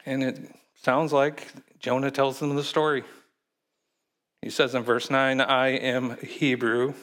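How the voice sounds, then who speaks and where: A man's voice: mid-range voice, flat delivery, fairly bright tone. A man preaching a sermon in a conversational way, asking the congregation questions and acting out quotes, with frequent restarts. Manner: halting, with restarts and fillers. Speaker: pastor.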